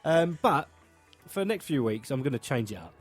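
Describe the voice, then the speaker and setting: A man's voice: medium pitch, big pitch swings, fairly quick, soft background music. A young man hosting a podcast, chatting in a rambling, jokey way and slipping into silly greeting voices. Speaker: podcast host. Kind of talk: casual chat.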